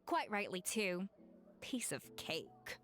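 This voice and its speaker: An actress voicing a confident, encouraging female chef who coaches in a brisk manner in a video game. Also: medium pitch, very animated, a bit bright, soft background music. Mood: pleased.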